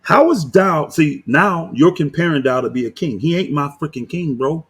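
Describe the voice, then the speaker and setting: A man, a pastor, giving heated reaction commentary on a video, indignant and combative, often rising into loud outbursts. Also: a little high, expressive, moderate pace, few pauses, slightly rough.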